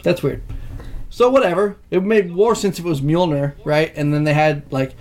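High-pitched guy, casual profane movie rant, animated. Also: moderate pace.

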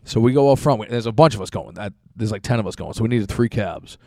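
A young man talks fast and loose, piling on fillers and swearing as he tells a story. His voice sits on the low side and the sound is dry and close, with no room echo. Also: expressive, gravelly, warm tone. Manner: rambling, profane, lots of fillers. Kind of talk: casual chat.

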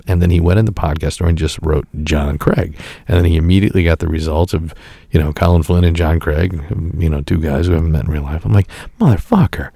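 A man's voice: deep voice, creaky, warm tone, slightly rough, no echo. A man co-hosting a podcast, telling crude, joking stories in casual banter. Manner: crude, storytelling, laughs often. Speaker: podcast co-host.

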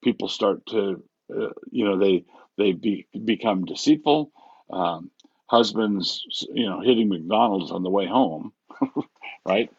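A man's voice: fairly low pitch, a little slow, husky, dry recording, dull audio. A man, a pastor, talking casually on a podcast with many restarts and chuckles at his own examples. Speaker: pastor and guest author.

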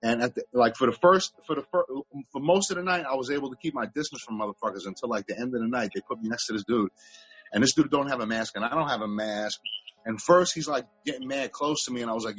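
A man's voice: medium pitch, fast talker, fairly bright tone, slightly rough, dry recording, lo-fi sound. A man telling rambling, profane stories in a casual chat from home.

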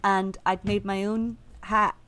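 A woman's voice: mid-range voice, flat delivery, slow, fairly bright tone, a little hiss or hum. A woman comedian telling a rambling, self-correcting story in casual chat, laughing at her own jokes. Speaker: comedian guest. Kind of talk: casual chat, comic anecdote.

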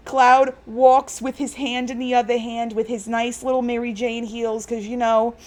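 A woman's voice: a little high, level tone, normal speed. A woman co-hosting a podcast, retelling in a gushing, rambling way with lots of fillers. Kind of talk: casual chat.

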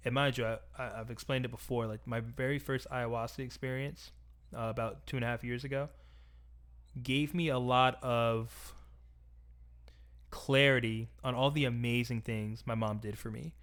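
Man, low flat voice, smooth and clear, reflective personal storytelling. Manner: reflective, soft-spoken, slow and earnest.

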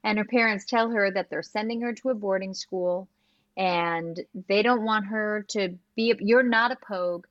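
A woman co-hosting a podcast, chatting casually and retelling scenes with quick quoted lines. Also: mid-range voice, no echo, lo-fi sound. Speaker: podcast co-host. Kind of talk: casual recap chat.

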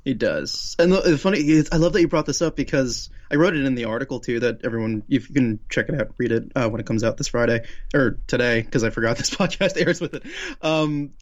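A man's voice: mid-range voice, a little fast, dry recording. Enthusiastic man, slightly muffled podcast audio. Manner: enthusiastic, laughs often, jumps in with commentary. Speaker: podcast co-host and screenwriter. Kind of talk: casual chat recapping an episode.

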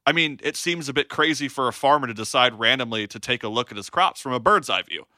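A man's voice: mid-range voice, lively intonation, fast, pushed and bright, dry recording, clean studio sound. A young man hosting a casual chat, explaining researched facts with jokes along the way. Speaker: podcast host.

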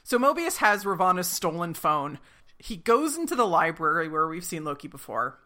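A chatty woman in her thirties walks through a TV episode with a bright, forceful voice. She slips in and out of playful quoted voices as she retells scenes, keeping things casual and quick. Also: lowish voice, big pitch swings. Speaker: podcast co-host recapping a TV episode. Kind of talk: casual recap chat.

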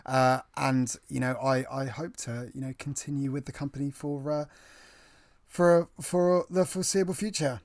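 A man's voice: medium pitch, fairly even intonation, normal speed, no echo, studio quality. A man co-hosting a podcast, talking with eager enthusiasm in casual chat. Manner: enthusiastic, talkative. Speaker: podcast co-host.

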